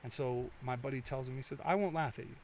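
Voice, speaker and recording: A man's voice: medium pitch, steady tone, quick pace, slight background noise. A man telling long, profane anecdotes as a podcast guest, slipping into quoted voices. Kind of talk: casual podcast storytelling. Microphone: headphones and studio mic.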